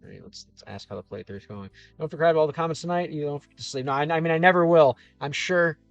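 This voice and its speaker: A man's voice: on the high side, fast talker, vocal fry, no room sound, muffled recording. A man streaming live, chatting casually as he reads out viewer comments in a rambling, easygoing way that often stops and restarts mid-sentence. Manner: rambling, self-interrupting, easygoing. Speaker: YouTuber streamer. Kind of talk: casual livestream chat reading comments. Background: faint game soundtrack music.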